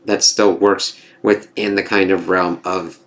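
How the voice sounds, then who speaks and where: A man's voice: sits low, flat delivery, measured pace, fairly bright tone. A man casually reviewing a TV episode, rambling and swearing, with lots of fillers and acted-out quotes.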